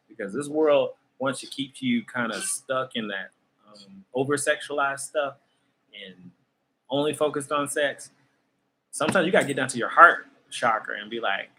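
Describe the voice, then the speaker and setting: A man hosts his own channel and rambles casually to his viewers about spirit and energy. His voice sits in a mid range with a bright, forward edge, and it stays loose and chatty. A faint hum of noise runs underneath. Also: mid-range voice, animated, moderate pace, low-quality recording. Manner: loose, conversational, addresses viewers as "y'all", laughs often. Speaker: tarot reader and channel host.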